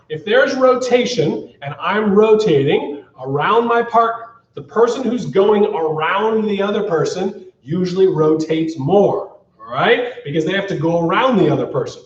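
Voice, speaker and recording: A man's voice: high voice, slight background noise. A man teaching a live-streamed dance class who counts beats aloud and keeps checking in with "all right?". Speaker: ballroom dance instructor. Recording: echoey, distant, muffled studio sound.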